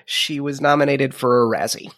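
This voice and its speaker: A man's voice: medium pitch, steady tone, moderate pace, fairly bright tone. A man co-hosting a podcast, joking about a movie, laughing often and stammering through restarts. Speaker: podcast co-host. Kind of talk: casual chat about a movie.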